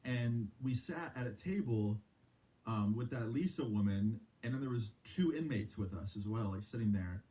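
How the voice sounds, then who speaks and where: A young man streaming, telling a story in a loose, profane casual style full of fillers, his pitch jumping up on exclamations. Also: expressive, normal speed, mellow, rough recording.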